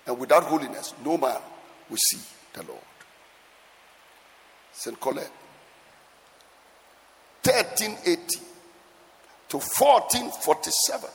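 A man preaching a sermon with emphatic repetition, swinging between soft asides and loud exclamations, at times half-singing his lines. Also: fairly high pitch, big pitch swings, unhurried, pauses often, long reverb tail. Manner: sometimes lapses into a sung cadence.

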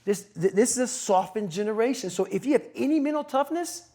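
A man's voice: very high voice, lively intonation, a little fast, dark tone. A middle-aged man speaking as an interview guest, blunt, profane and emphatic in an intense motivational way. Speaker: podcast guest.

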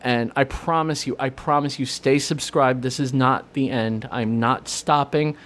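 A man's voice: medium pitch, steady tone, measured pace, a bit bright. A man hosting a podcast in casual chat, emotional and choked up, laughing through near-tears. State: voice breaking with emotion. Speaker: podcast host.

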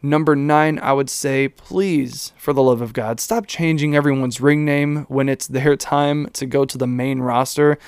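A man's voice: mid-range voice, steady tone, a little slow, hardly any pauses, clear, resonant tone, dry recording. A young man hosting a casual solo podcast, rambling and cursing, with lots of fillers and self-mocking asides. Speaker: podcast host.

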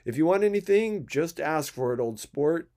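A man's voice: a little high, very animated, normal speed, dark tone, pitched above the performer's own voice. A man reading aloud, voicing a polished young wealthy man who speaks with elaborate, careful formality. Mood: apologetic.

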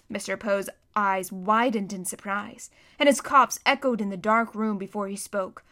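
A woman reading a children's novel aloud as narrator, expressive and acting out the scenes. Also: mid-range voice, normal speed, few pauses. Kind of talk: audiobook narration.

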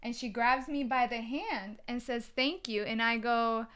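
A woman co-hosting a casual faith podcast, telling stories with lots of fillers and animated bursts. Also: fairly high pitch, unhurried. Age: adult with a daughter. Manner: animated storyteller, many fillers. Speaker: co-host.

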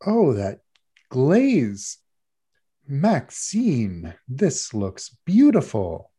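A man's voice: mid-range voice, wildly swooping pitch, drawn-out words, mellow, breathy edge, full character voice. A man voicing an effusive older woman who judges a baking contest, swooning over each cake. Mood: gushing. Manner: effusive, sighing praise.

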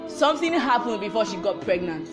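A woman's voice: a little high, animated, brisk, over music. A young woman tells a role-reversal story, firing off repeated rhetorical questions.

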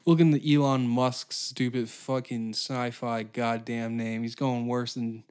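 A man's voice: mid-range voice, flat delivery, unhurried, darkish tone, clear, resonant tone. Crude, rambling male podcast comedian. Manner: crude, profane, rambling riffs. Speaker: podcast host. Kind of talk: solo comedy podcast rant.

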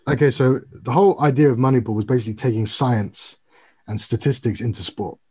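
A man's voice: medium pitch, brisk, slightly rough. A young man from the UK chatting casually about sport, telling stories and explaining at length. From United Kingdom. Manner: animated storytelling, explains at length. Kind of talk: casual chat.

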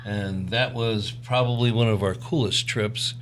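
A man's voice: lowish voice, steady tone, unhurried, a bit bright, a little hiss or hum. A man in his sixties co-hosting a podcast, chatting casually and joking with his wife. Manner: easygoing, joking. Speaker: podcast co-host. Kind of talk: casual chat with spouse.

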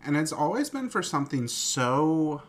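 A man's voice: fairly high pitch, very animated, moderate pace, a little hiss or hum. A man from the United States co-hosting a sports podcast, chatty and full of filler words. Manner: chatty, heavy use of "like". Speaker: podcast co-host. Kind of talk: casual sports chat.

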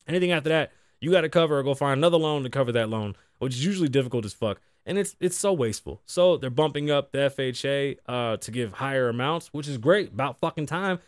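A man's voice: fairly high pitch, fast, no echo, clean studio sound. A man, hosting a casual show and talking bluntly with lots of cursing. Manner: blunt, animated, heavy cursing. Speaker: podcast host. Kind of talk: profane casual commentary.

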